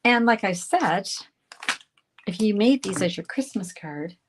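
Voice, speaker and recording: A woman hosting a live card-making demonstration. She chats brightly with viewers and greets them by name while she works. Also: mid-range voice, expressive, a little slow, noisy background. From Canada. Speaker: craft instructor hosting a live stream.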